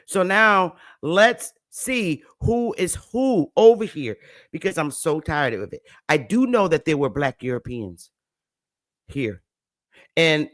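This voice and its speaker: A man speaking on a livestream in a slow, emphatic way, repeating his key words. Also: fairly high pitch, fairly bright tone, no echo. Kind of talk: livestream talk.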